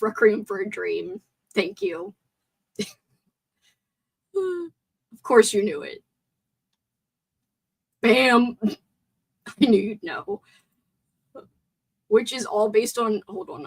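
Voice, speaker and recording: A woman hosting a casual live stream movie chat with a sore throat. She is chatty and excitable, and reads viewer comments aloud. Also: medium pitch, slightly rough, poor audio.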